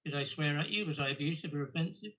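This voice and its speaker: A man's voice: a little high, fast talker. A man from England calling in to a stream, stubborn and argumentative. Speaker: caller. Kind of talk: casual live-stream debate. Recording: dull, muffled call audio.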